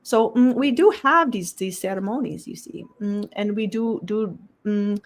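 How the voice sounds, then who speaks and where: A woman giving a channeled spiritual talk, speaking as a collective voice, halting and repeating words as she searches for them and closing nearly every phrase with the same tag question. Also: mid-range voice.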